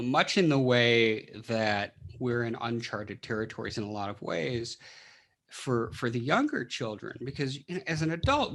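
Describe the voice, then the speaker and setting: A man's voice: mid-range voice, fairly bright tone. A man who is a clinical psychologist, speaking as a podcast guest and explaining things with rhetorical questions and frequent restarts. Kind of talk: casual interview talk.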